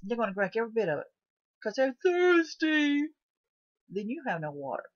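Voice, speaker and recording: A woman's voice: a little high, sing-song, moderate pace, dry recording. A woman talking through a what-if survival scenario in a folksy, repetitive way, putting questions to the viewer. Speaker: channel host. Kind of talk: casual what-if monologue. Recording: dull lo-fi dry recording.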